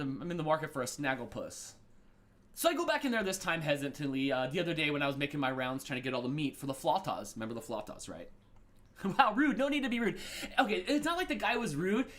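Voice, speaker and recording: A man's voice: on the high side, brisk. A man hosting a morning show, telling a long rambling story and acting out the other people in it. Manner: rambling, animated, acts out voices of people in his story. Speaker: host. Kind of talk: casual storytelling monologue.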